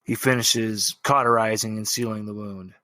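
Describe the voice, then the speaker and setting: A man's voice: fairly low pitch, fairly even intonation, normal speed, bright, forceful tone, no echo. A man narrating as game master in a tabletop role-playing game, describing action plainly.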